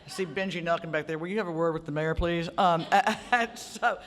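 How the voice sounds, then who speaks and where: A woman's voice: fairly low pitch, a little fast. A woman spins rambling, self-mocking stories on a festival stage. Her voice rings out through a large, echoing hall. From Mississippi Delta. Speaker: author on a festival panel. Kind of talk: casual onstage storytelling. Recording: reverberant hall, stage mics.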